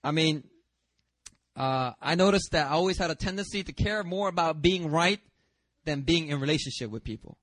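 A pastor preaching a sermon in a lively, conversational way, with self-deprecating humor and chatty asides. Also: male voice, a little high, normal speed, no room sound, studio quality.

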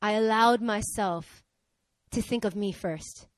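A woman preaching a sermon who tells candid personal stories and acts out the dialogue with lively energy. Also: mid-range voice, slow, no echo. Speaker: preacher, pastor's wife.

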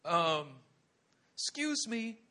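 A man's voice: high-pitched, big pitch swings, drawn-out words, bright, forceful tone, heavily acted. A preacher voicing a timid, meek male prophet who hesitantly begs for a little food, in a small pleading voice.

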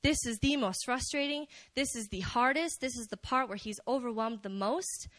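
A young woman preaching casually at a prayer meeting, animated and chatty, joking with the listeners. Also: fairly high pitch, moderate pace, no echo. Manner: animated, chatty, jokes with the crowd. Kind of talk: casual sermon.

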